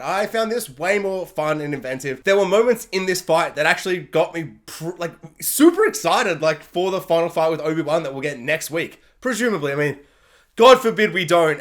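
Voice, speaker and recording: A man giving a casual, joking spoken review of a TV series, animated and full of quick impressions. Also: sits high. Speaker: video reviewer.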